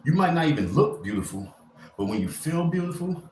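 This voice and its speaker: A man's voice: on the high side, big pitch swings, fairly quick, a little mellow. A man hosting a casual motivational live stream. He rambles through a loose, slangy pep talk. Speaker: livestreamer. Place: indoor room. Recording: echoey room with faint ambient noise.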